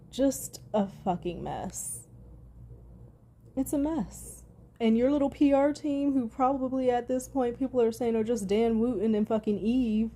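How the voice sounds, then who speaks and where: A woman's voice: medium pitch, mellow. A woman giving heated vlog commentary, reading news aloud between angry, profane rants. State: furious.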